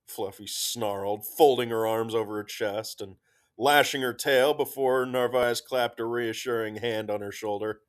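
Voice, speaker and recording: A man reading a story aloud in slow, measured narration. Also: mid-range voice.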